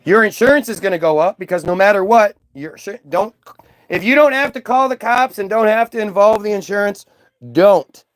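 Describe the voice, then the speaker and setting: A man's voice: high voice, a little fast, a bit bright, no echo. A man delivering a profane, sarcastic ranting monologue, mocking as he goes. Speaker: vlogger.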